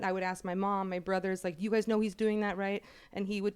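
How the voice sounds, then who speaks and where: A woman in her thirties telling family stories on a podcast in a profane, animated way, quick to laugh. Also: medium pitch, smooth. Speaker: podcast co-host. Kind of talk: casual storytelling chat.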